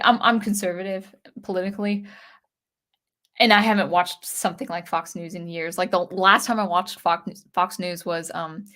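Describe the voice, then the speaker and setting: A woman's voice: mid-range voice, fairly bright tone. A woman in her thirties hosting a casual live chat, her voice weak and phlegmy from allergies, rambling and often restarting her sentences. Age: 30s. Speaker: channel host reading live chat.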